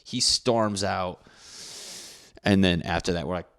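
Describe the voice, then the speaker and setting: Young male podcast host, low voice, casual profane storyteller who mocks himself. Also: unhurried, a bit bright, clean tone. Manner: profane, rambling, self-mocking.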